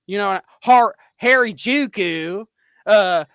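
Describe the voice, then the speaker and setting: A man co-hosting a live-streamed chat show, animated and swearing freely, with frequent laughs. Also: high-pitched, slow pace, clear, resonant tone, no room sound, studio quality. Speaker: podcast co-host.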